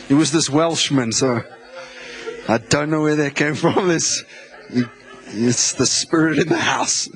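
A man from South Africa preaches in a church with an excitable, laughing delivery. His voice sits a little high for a man, and he stumbles over repeated words as he goes. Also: moderate pace. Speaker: guest pastor. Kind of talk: sermon.

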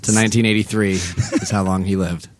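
A man's voice: lowish voice, steady tone, a little fast, dry recording, faint music behind. A man in a backstage dressing room, joking and teasing his bandmate in casual banter. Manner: joking, teasing, laughs often. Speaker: band member hosting a backstage chat.

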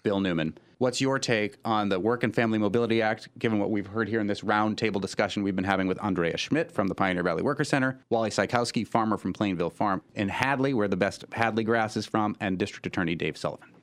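A man's voice: fairly low pitch, fast, few pauses. A man guest-hosting a radio roundtable, chatty and joking. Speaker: guest host. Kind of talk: casual talk radio discussion.

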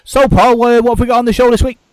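A middle-aged podcast host rambles through a casual chat at a racing pace, often restarting sentences and repeating words. His voice is very high with fairly even intonation, and the recording is dry.

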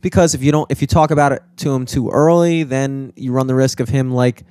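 A man's voice: medium pitch, steady tone, a little fast, mellow, clean tone, no echo. Young man, casual chat, rambling, profane, filler words, dry close sound.

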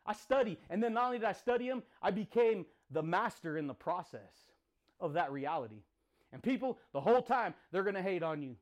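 Podcast host, male, high-pitched, intense, profane, hammering motivational lines through repetition. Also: lively intonation, brisk. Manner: intense, punchy, profane, repeats phrases. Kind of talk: motivational monologue.

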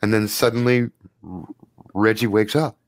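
Low-voiced wry male game master. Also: normal speed, no room sound, clean studio sound. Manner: relaxed, wry, with many fillers. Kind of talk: narrating a tabletop game.

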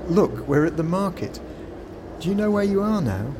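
A man's voice: high-pitched, animated, moderate pace, noisy background, voice pushed up. A man playing a friendly young local journalist. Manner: friendly, reassuring, helpful.

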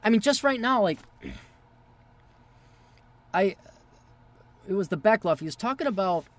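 A man's voice: high voice, animated, measured pace. A man hosting a podcast, delivering a profane, exasperated rant. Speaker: podcast host. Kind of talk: ranting podcast monologue.

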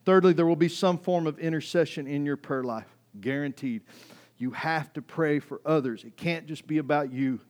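A middle-aged male pastor preaching a conversational, animated sermon that builds in intensity. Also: a little high, moderate pace.

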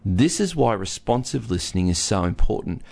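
A man with a lowish, creaky, slightly mellow voice speaks in a sing-song way at a moderate speed. He's a relationship counsellor giving a casual teaching talk with a co-host, explaining listening through an everyday story in which he plays both partners.

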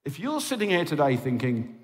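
Impassioned pastor in a reverberant hall. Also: male voice, on the high side, very animated, brisk. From England. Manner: impassioned and pleading, with frequent "okay?" check-ins. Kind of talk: sermon.

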